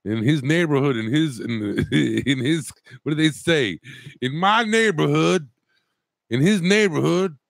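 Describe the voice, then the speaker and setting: A man co-hosting a podcast, trading crude, profane comedic banter and mocking drawn-out repetitions. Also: fairly high pitch, expressive, vocal fry, no room sound. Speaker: podcast co-host.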